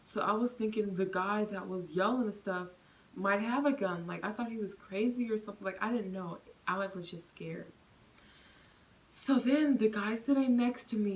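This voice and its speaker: A young woman vlogger chatting through a storytime, full of fillers and animated retelling. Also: medium pitch, rough recording. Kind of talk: storytime vlog.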